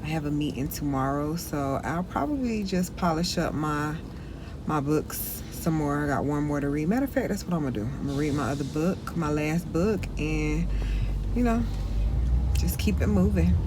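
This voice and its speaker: Street and traffic noise sit beneath a low, lively female voice at normal speed. Out walking through the city, hot and winded, she talks casually to the camera, first venting with frank irritation and then shifting to a motivational tone.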